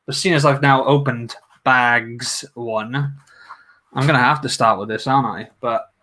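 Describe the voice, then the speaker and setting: A man's voice: medium pitch, steady tone, unhurried, bright, forceful tone. A man hosting a casual livestream, chatting and joking with viewers as he builds. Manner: jokey, chatty, talks to viewers. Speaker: livestream host.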